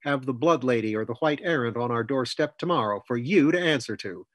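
Storybook critter: man voicing a curt, scolding squirrel fay, husky voice. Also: medium pitch, lively intonation, no room sound, natural voice. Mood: scornful. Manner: brisk, scolding, quick. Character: bossy gruff male squirrel fay.

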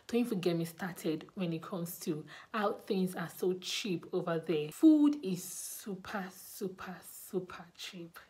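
A woman's voice: lowish voice, a little mellow. A young Nigerian woman with a Nigerian accent, chatting to camera in a casual vlog and repeating words for emphasis. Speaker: vlogger.

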